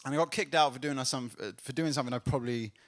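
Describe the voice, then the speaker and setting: A man performing a stand-up comedy set on a club stage, telling a story and building to loud laughs. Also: mid-range voice, rapid-fire.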